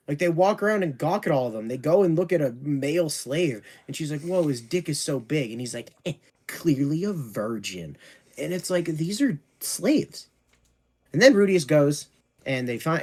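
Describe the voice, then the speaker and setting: A man's voice: a little high, darkish tone. A man co-hosting a casual podcast, ranting sarcastically and swearing in exasperation. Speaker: podcast co-host.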